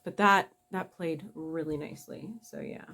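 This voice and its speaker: A woman's voice: sits low, moderate pace, creaky, fairly bright tone. A middle-aged woman chatting casually through a makeup tutorial. She is blunt, swears freely and pokes fun at herself. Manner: blunt, profane, self-mocking. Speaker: makeup vlogger.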